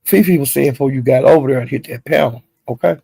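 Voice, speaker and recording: Gravelly man gossiping about online drama. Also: medium pitch, quick pace, no room sound. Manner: gossipy, animated retelling with slang and profanity. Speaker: commentary channel host. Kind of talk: casual recap of online drama.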